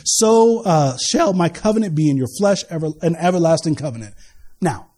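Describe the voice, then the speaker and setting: Male pastor, high-pitched, preaching an animated sermon with humorous asides. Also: moderate pace, husky. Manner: animated preaching with asides and laughter, swinging from loud to quiet.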